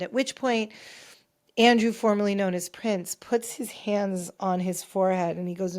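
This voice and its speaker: A woman hosting a pop culture podcast, telling a personal story in a chatty, animated way with many restarts. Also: medium pitch, moderate pace. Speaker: podcast host. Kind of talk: casual chat.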